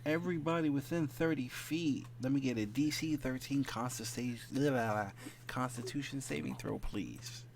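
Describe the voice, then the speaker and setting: A man's voice: medium pitch, normal speed, creaky. A man running a tabletop game as dungeon master, narrating in a rambling way with lots of fillers.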